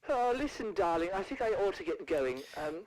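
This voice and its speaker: A man's voice: high voice, very animated, normal speed, darkish tone, low-quality recording. A man impersonating a posh, theatrical older actress who calls everyone darling and insists on wild claims. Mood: haughty insistent.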